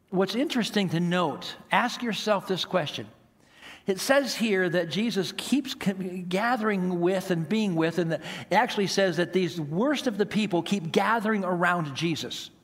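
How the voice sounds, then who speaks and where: A pastor delivers an animated sermon, pressing the congregation with rhetorical questions. His voice sits high for a man. It rings through a church sanctuary with a long, lingering reverb. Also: a little slow. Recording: long reverb of a large hall.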